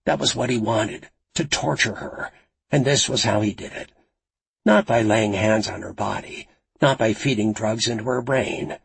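Gravelly, raspy male thriller narrator. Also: lowish voice, normal speed, rough recording. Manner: dramatic, suspenseful. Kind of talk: scripted audiobook narration.

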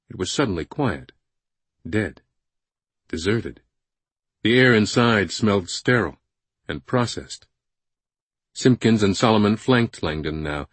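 A man narrating a thriller audiobook in a measured, suspenseful way on a close studio microphone. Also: on the low side, slightly rough, dry recording.

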